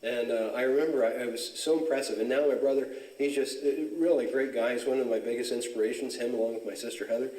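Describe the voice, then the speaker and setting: A man's voice: mid-range voice, fast talker, few pauses. Man telling stories in an echoey church. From Southern California. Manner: relaxed storyteller, frequent fillers and chuckles. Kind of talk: casual religious talk with personal stories. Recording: echoey church, mic at a distance.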